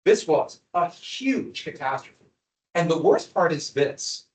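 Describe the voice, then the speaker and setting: A man teaching a history lecture to a class, animated and quizzing students as he goes. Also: on the high side, slow. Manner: animated, asks the class questions. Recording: echoey classroom from far off.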